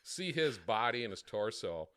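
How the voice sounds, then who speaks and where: A man co-hosting a podcast, telling a crude, profane story with plenty of swearing and quick imitations of other people. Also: lowish voice, very animated, a bit bright, clean tone, no room sound. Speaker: podcast co-host. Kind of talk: casual storytelling chat.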